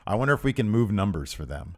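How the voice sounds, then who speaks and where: A man's voice: lowish voice, sing-song, fast, a little mellow. A man co-hosting a podcast in casual chat, joking and laughing often as he talks. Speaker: podcast co-host.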